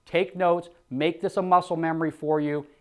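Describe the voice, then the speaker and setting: A man's voice: a little high, level tone, moderate pace, darkish tone. A man coaching insurance agents, acting out phone scripts and punching points with emphatic exclamations. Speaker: sales trainer. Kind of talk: sales coaching lesson with role-played scripts.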